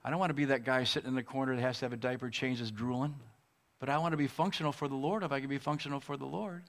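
A man who is a pastor, preaching a sermon and telling a personal story in an earnest, emotional way with pauses. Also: medium pitch, fairly even intonation.

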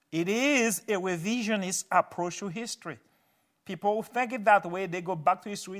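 A man preaching a sermon as a pastor, earnest, his voice swelling loud and then dropping low.

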